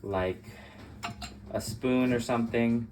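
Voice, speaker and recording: A man's voice: medium pitch, steady tone, slow, over loud music. A man vlogging at home as he brews coffee, talking in a rambling, self-mocking, joking way. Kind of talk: casual how-to chat while brewing coffee.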